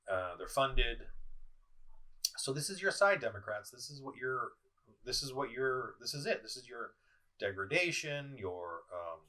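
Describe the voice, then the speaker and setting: A man's voice: medium pitch, pushed and bright. A middle-aged man ranting in a video commentary. He talks in an accusing, heated way and often stumbles, restarts and repeats himself. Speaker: political vlogger. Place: indoors at home, in front of a screen. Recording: voice somewhat far from the mic.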